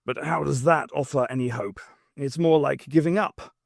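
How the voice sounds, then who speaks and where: A man reading aloud and voicing a brisk middle-aged army officer who barks his lines in clipped, exasperated bursts. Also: a little high, vocal fry, dry recording, studio quality.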